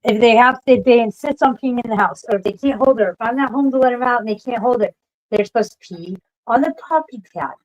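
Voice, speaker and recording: A woman with a fairly high voice rants casually on a livestream. She swears freely and shouts at her pets. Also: quick pace, poor audio. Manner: profane ranting, yelling at her pets. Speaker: streamer.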